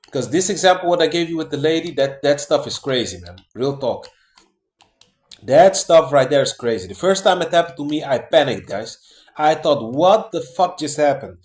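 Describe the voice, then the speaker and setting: This vlogger speaks at a normal speed in a slightly high, lively male voice, and the room echoes. Addressing the camera casually, he wanders from point to point, restarting often, leaning on fillers and tossing in "man" and "guys."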